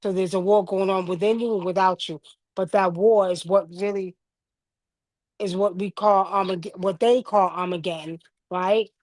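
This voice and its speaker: Woman in her 50s preaching to her livestream viewers, earnest and chatty, dry close sound, mid-pitched voice. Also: steady tone, normal speed, darkish tone, dry recording. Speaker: livestream host. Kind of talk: casual spiritual teaching on a livestream.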